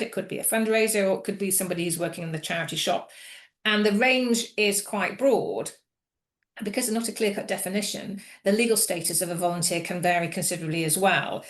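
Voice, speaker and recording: A woman's voice: lowish voice, echoey room. A woman presenting an employment law webinar, talking with many fillers and restarts. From United Kingdom. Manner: hesitant, frequent fillers and restarts.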